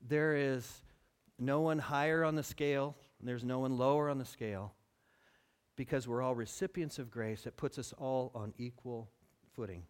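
A pastor preaching a sermon, acting out quotes and building to near shouts. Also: male voice, medium pitch, moderate pace, clean tone. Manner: animated, acts out quotes, rises to near shouting.

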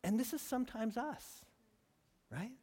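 A pastor preaching a sermon, acting out quotes and building to near shouts. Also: male voice, very high voice, measured pace. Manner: animated, acts out quotes, rises to near shouting.

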